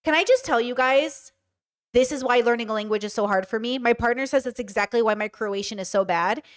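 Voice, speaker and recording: A woman's voice: fairly high pitch, brisk. Chatty woman hosting a livestream. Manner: chatty, rambling with many fillers and restarts. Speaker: streamer host. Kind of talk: casual livestream commentary.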